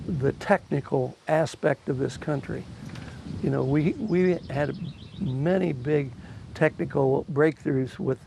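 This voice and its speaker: Older man, very slow, gravelly, halting speech, faint outdoor birds. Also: on the high side, darkish tone, slight background noise. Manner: halting, searching for words. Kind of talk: documentary interview.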